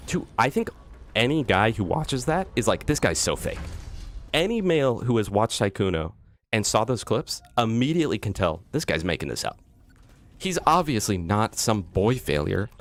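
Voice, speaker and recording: A man livestreaming a video game, ranting to his chat in a lively, mocking way. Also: medium pitch. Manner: ranting, animated, mocking impressions. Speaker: streamer. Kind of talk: live gameplay stream chat. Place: loud room.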